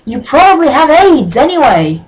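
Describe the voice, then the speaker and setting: A woman voicing a furious, melodramatic goth teenage girl who shouts in an overwrought, shrill way. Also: fairly even intonation, takes it slowly, poor audio.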